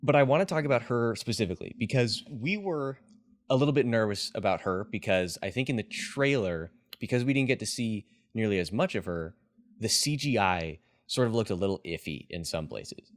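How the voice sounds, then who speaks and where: A man's voice: lowish voice, a little fast. A man hosting a casual movie review chat, talking eagerly with a rambling flow. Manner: excited, rambling, with fillers and laughs. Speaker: podcast host, movie reviewer.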